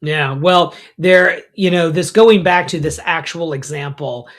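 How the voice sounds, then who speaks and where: A middle-aged man, a rabbi co-hosting a podcast, telling stories in an animated, casual way with lots of fillers and asides. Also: on the high side, a little slow. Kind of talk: casual conversation.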